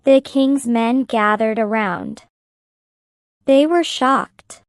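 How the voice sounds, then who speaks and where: Slow, clear woman reading a story. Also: fairly high pitch, no echo, clean studio sound. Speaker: narrator. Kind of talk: slow graded-reader story narration.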